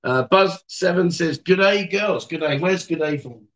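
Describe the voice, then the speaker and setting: A man's voice: a little high, moderate pace, fairly bright tone. A man hosting a casual livestream, reading out viewer comments and teasing his guests. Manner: joking, teasing, chatty. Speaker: livestream host. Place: bar or venue indoors.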